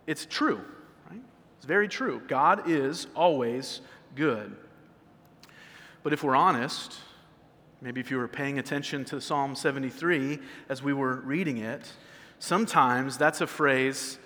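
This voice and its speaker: A man's voice: on the high side, pushed and bright, in a large hall. A male pastor preaching a sermon in a conversational way, often repeating words as he restarts a phrase. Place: church sanctuary.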